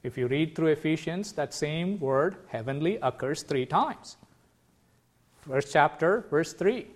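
A man preaching a sermon, earnest and emphatic, slowing down to stress key words. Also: on the high side, animated.

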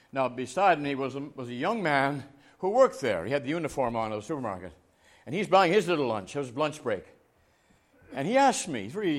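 A man preaching an evangelistic sermon, telling personal stories with laughs and acted-out dialogue, rising from quiet narration to loud, emphatic preaching. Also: medium pitch. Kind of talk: storytelling sermon.

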